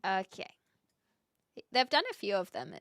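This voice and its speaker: A woman's voice: mid-range voice, big pitch swings, measured pace, a bit bright, slight background noise. A woman streaming and chatting casually with viewers, laughing easily and reading their messages aloud. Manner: chatty, laughing, fillers, reads chat aloud. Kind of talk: casual live-stream chat.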